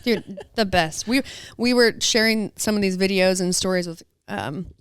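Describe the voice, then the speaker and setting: A woman's voice: mid-range voice, normal speed, clear, resonant tone, no echo. A woman co-hosting a podcast, telling a funny story in a casual chat, acting out quotes and saying "dude" and "like" a lot. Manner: animated storyteller, acts out quotes. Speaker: podcast co-host.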